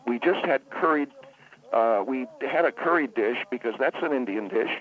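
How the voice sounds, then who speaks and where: A man talks down a narrow, tinny phone line at an ordinary pitch. He rambles as a spa owner on a comedic radio call, stumbling over his words and backtracking constantly. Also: animated, normal speed, soft background music. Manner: rambling, stammering, self-correcting. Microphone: telephone.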